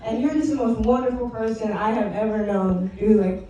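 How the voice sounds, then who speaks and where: A woman's voice: on the high side, a little fast, dark tone, highs cut off, a little hiss or hum. A young woman giving a casual, gushing toast, full of slang and laughter. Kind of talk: casual heartfelt party toast. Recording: echoey hall, far mic, crowd.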